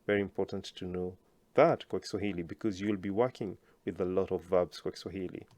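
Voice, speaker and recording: A man teaching a language lesson, slowly enunciating words for learners to repeat and praising them often. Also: low voice, steady tone, a little mellow, dry recording.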